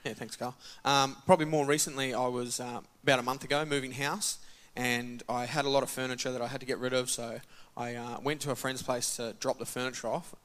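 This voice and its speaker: A man's voice: medium pitch, fairly quick, clean tone. A man, a church member casually telling a testimony and acting out the dialogue. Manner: casual, animated, acts out dialogue. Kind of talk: testimony storytelling.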